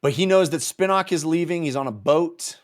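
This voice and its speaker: A man's voice: fairly high pitch, a little fast. A man co-hosting a podcast, animatedly recapping chapters in a casual book club chat. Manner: animated recapping, acting out lines. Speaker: podcast co-host.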